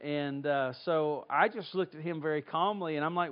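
A middle-aged man from North Carolina preaching, telling a personal story in a folksy, animated way before reading scripture. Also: on the high side, moderate pace, clear, resonant tone. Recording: dull lo-fi sound.

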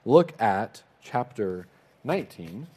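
A man's voice: fairly low pitch, sing-song, slow pace, mellow, husky. A man telling a Bible story in a casual, conversational way, slipping into little acted-out voices for the characters. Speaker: Bible teacher.

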